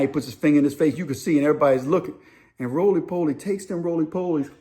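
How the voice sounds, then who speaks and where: A man telling a story in a loose, animated way, sometimes acting out other people's voices. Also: on the high side, very fast. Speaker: storyteller host. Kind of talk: casual spoken storytelling.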